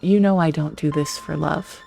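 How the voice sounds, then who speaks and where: A streamer reads a visual novel aloud, with a gravelly, fry-tinged voice at a middling pitch. The delivery stays flat and even, broken by quick asides of their own. Soft music plays faintly underneath. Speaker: let's play streamer.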